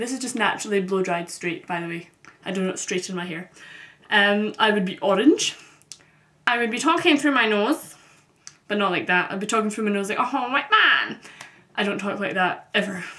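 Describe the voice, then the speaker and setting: A woman's voice: medium pitch, fairly bright tone. A woman from Glasgow with a mild Scottish accent, talking in a chatty, upbeat vlog at home, with plenty of ums. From Scotland, Glasgow. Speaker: vlogger. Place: her bedroom at home.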